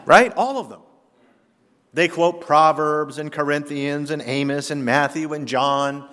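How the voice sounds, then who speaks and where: A man preaching a sermon as pastor, emphatic, with rhetorical questions and sudden swings between loud and soft. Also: on the high side, measured pace. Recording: long reverb of a large hall.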